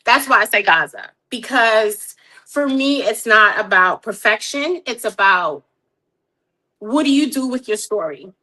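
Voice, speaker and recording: Brief: lively woman, bright higher voice, guest on an interview, laughs easily. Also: a little slow. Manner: animated, laughs often, repeats words. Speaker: guest artist. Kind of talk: casual interview chat.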